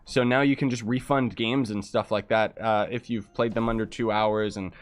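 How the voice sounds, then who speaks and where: His voice is on the low side and steady, at a normal speed. The young Canadian streamer chats casually as he plays, reading viewers' messages aloud and adding jokey asides.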